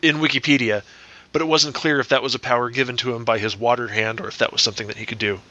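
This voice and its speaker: A man's voice: medium pitch, steady tone, fast, bright, forceful tone, highs cut off. A man in casual podcast chat, working through numbers aloud and double-checking himself.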